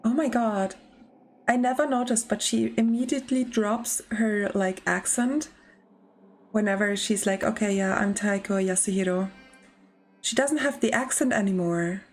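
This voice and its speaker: A woman's voice: fairly high pitch, measured pace. A young woman streamer chatting casually and giggling while she plays a game and answers chat. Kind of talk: casual let's-play commentary.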